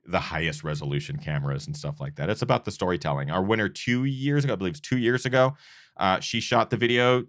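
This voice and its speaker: Deep-voiced man hosting an awards show. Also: fast, a bit bright, no echo, clean studio sound. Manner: earnest, rambling with restarts. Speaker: host of a running channel. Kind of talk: casual awards show chat.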